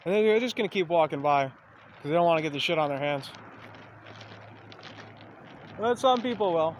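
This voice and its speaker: A man's voice: on the high side, lively intonation, normal speed, slight background noise. Profane, rambling man talking outdoors. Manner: profane, meandering, self-aware. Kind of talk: rambling casual monologue.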